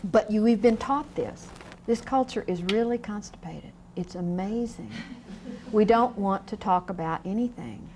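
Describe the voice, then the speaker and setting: A woman's voice: mid-range voice, measured pace, slight background noise. Frank woman lecturing a class. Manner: frank, lively, asks the room questions. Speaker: grief educator. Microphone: on camera, room mic.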